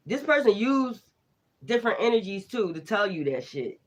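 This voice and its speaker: A tarot reader giving a casual spiritual reading, animated and laughing often, with heavy profane slang. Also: medium pitch, moderate pace, lo-fi sound.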